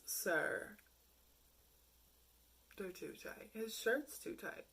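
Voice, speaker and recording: A woman's voice: lowish voice, lively intonation, takes it slowly, long pauses, pushed and bright, slightly rough. A young woman vlogging casually, telling frank, profane stories and mocking messages with bursts of laughter. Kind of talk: casual storytelling to camera.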